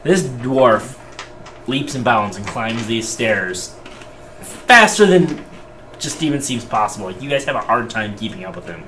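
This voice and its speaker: A man's voice: medium pitch, expressive, measured pace, bright, forceful tone, slight background noise. A man running a tabletop game as game master, narrating casually with many fillers.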